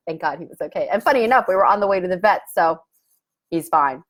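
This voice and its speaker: A woman's voice: lowish voice, expressive, quick pace. A middle-aged woman and love coach, telling a personal story in a casual, reflective way, laughing often and acting out the lines she quotes.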